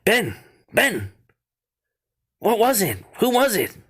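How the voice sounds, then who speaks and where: A man's voice: high-pitched, lively intonation, unhurried, fairly bright tone, husky, voice pushed up, exaggerated voice. A man voicing a terrified young boy who pleads and fires off repeated, frantic questions.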